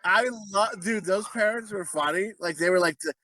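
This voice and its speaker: A man's voice: high voice, normal speed, pushed and bright. A man co-hosting a podcast, telling rambling, profane stories in casual chat. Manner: rambling, profane, laughing storyteller. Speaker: podcast co-host.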